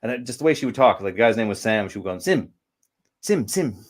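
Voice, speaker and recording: A man's voice: on the low side, very fast. A man chatting casually on a livestream, telling rambling, profane stories and reading out chat messages. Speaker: livestream co-host. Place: lived in Vancouver.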